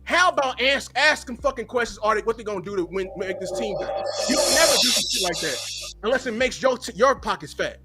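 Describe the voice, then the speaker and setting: A man's voice: very high-pitched, expressive, fast talker, over loud music. A man and content creator delivering a heated, profane tirade during a live watch-party stream.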